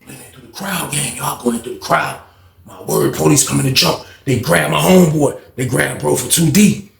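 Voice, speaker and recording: Young man, slangy storyteller who acts out every voice; slightly high pitch, roomy echo. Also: moderate pace, creaky. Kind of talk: casual storytime monologue.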